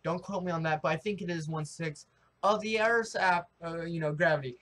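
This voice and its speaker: Excitable high-voiced young American man. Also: fairly quick. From United States. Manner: rambling, excitable, with many restarts and fillers. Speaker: vlogger. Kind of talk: casual rambling opinion vlog.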